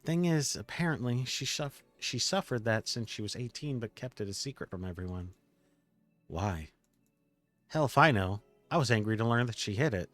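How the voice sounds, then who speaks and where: A man reading the lines of a weary young woman bartender in a game, with halting, stammering restarts. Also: mid-range voice, lively intonation, a bit bright, no echo, soft background music, close to an everyday voice. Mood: frustrated. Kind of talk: game dialogue read aloud by a streamer.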